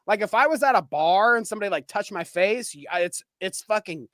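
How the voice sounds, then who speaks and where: Lively, crude-talking male podcast co-host. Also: high voice, a little fast, dry recording, clean studio sound. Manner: animated, crude, laughs often. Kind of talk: casual live-stream chat.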